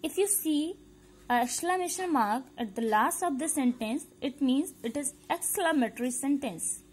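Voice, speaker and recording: Schoolteacher, woman, high voice, patient drilling delivery, slight noise under the track. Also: expressive, normal speed. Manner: repetitive, checks understanding, mixes in Hindi; spells words out letter by letter. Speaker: school teacher. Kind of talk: recorded grammar lesson for young pupils.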